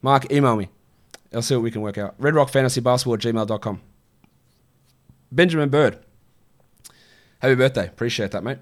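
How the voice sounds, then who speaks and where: A man's voice: medium pitch, brisk, long pauses. A man hosting a casual live-stream show, answering viewer questions in a chatty, offhand way. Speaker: fantasy basketball show host.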